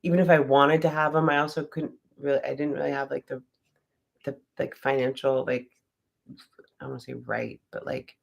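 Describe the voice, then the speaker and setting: A woman's voice: rumbling low, level tone, brisk, gravelly. A woman casually telling a personal story, rambling with lots of "like" fillers and swearing freely. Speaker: vlogger.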